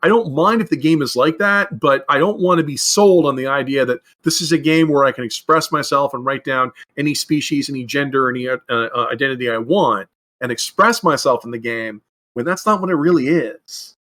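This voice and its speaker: Bright-voiced man rambling with restarts. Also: medium pitch, fairly quick. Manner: rambling, with frequent restarts and fillers. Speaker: podcast co-host and game designer. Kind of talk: casual discussion.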